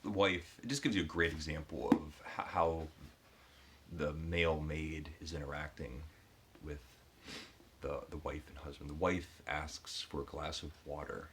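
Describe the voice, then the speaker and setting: Deep-voiced man reviewing a book. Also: steady tone, noisy background. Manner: halting, retells the story with frequent restarts.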